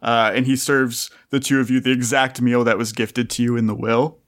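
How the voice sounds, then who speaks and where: A man's voice: medium pitch, level tone, normal speed, a bit bright. A man narrating a tabletop game as game master, casual and amused.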